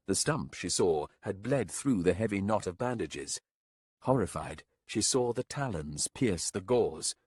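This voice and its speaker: Slow, husky male audiobook narrator. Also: lowish voice, a little mellow, dry recording, studio quality. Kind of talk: scripted narration.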